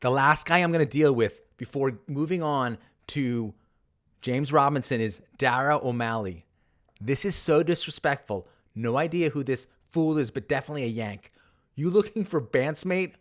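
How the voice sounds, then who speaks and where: Medium pitch and a normal pace mark this man's voice. He hosts his own golf channel, reading tweets out in a mock-dramatic, sarcastic way while telling a story as narrated commentary.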